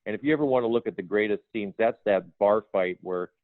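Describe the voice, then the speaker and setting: A man's voice: on the low side, fast, dry recording. Older man telling stories over a tinny line. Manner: animated anecdotes, acts out quoted dialogue. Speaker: guest, film production designer. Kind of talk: storytelling interview. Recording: tinny phone line, dry.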